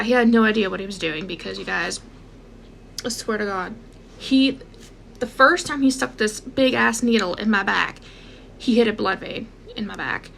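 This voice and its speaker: Fields: woman, gravelly, animated storyteller. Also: on the high side, a little hiss or hum. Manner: animated, addresses viewers directly, acts out quotes. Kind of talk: casual personal storytelling.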